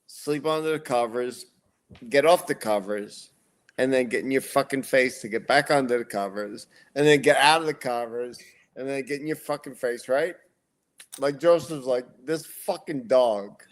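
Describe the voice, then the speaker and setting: A man's voice: medium pitch, normal speed. A man who is a guest on a podcast, telling stories in casual chat with a laid-back manner and frequent swearing.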